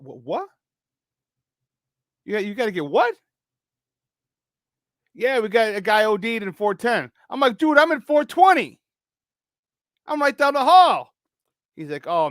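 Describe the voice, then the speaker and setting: Man, high voice, sports talk co-host, casual storytelling, acts out the people in his story, dry close sound. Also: fairly bright tone, clean tone, no room sound. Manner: swears casually, many restarts.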